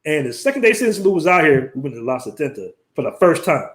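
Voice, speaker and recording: A man hosts a casual live stream, talking in an easy, slangy way. His voice sits a little high for a man, and he keeps his patter loose and unhurried. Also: very animated. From United States. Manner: laid-back, slangy, reads out viewer comments.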